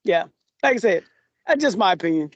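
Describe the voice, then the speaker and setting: A man's voice: sits high, animated, fairly quick, highs cut off. A male chef as a podcast guest, chatting casually and giving opinions with a laugh. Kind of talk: casual recap chat.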